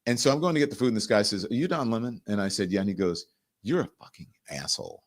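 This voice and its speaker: A middle-aged man hosting a livestream, telling a story in an animated, indignant way with quick asides to the chat. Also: fairly low pitch. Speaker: host.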